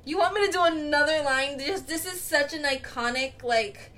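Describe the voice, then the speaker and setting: A woman's voice: sits high, normal speed, sharp tone. A young woman co-hosting a casual podcast, rambling with lots of fillers and giggles. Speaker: podcast co-host. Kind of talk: casual chat.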